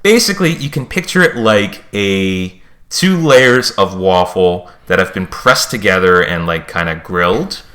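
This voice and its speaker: A man's voice: deep voice, animated, unhurried, sharp tone. A young man chatting casually as a podcast host, telling rambling, playful stories. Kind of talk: casual chat.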